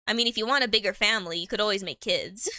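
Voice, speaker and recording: A woman's voice: mid-range voice, rapid-fire, bright, forceful tone, no room sound, studio quality. A woman chatting casually on a live stream, rambling in slang and laughing often.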